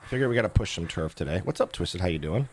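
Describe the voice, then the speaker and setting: A hoarse man with a very low voice, chatting loosely to his stream audience and stopping often to restart his sentences. Faint noise sits under the recording. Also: expressive, rapid-fire. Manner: rambling, with many fillers and restarts. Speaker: game streamer. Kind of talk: casual live-stream chat.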